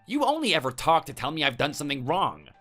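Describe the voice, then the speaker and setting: A man's voice: fairly high pitch, very animated, quick pace, a bit bright, soft background music. A synthetic male voice doing a threatening husband. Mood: scornful. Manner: defensive and contemptuous. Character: hot-tempered, threatening adult husband. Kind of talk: text-message story voice-over.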